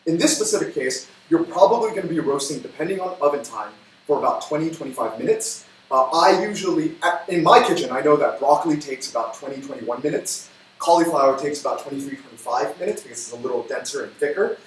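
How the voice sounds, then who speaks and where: A man hosting a cooking livestream, talking in a chatty, upbeat way with quick asides while he cooks. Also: fairly high pitch, animated. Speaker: cooking show host. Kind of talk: casual cooking livestream chat. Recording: echoey room from far off, faint noise.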